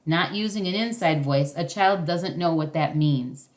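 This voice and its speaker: A woman's voice: lowish voice, normal speed. Woman, parenting-class facilitator; encouraging, loose delivery with fillers, video-call sound.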